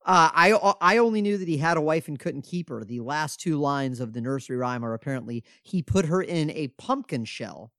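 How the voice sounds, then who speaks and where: A man co-hosting a casual trivia chat, relaxed and self-mocking, reading questions out slowly while drinking beer. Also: fairly high pitch, no echo, studio quality. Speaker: podcast co-host playing trivia.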